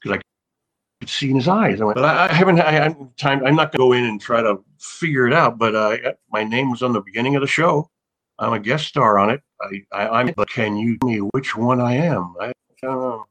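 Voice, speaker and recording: An older man chatting casually as an interview guest. He rambles, trips over his words and restarts, and his voice sits at an ordinary middle pitch. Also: a little fast, fairly bright tone. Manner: rambling, restarts often, laughs. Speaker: actor guest.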